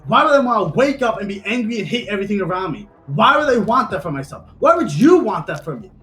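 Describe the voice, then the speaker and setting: A man's voice: high voice, big pitch swings, fast, fairly bright tone. A man streaming a game, arguing heatedly and defensively in voice chat, swearing often.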